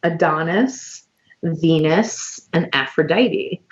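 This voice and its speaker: A woman hosting a casual online conversation, listing items slowly with many fillers over a video call. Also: low voice, dull audio, a little hiss or hum. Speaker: podcast host.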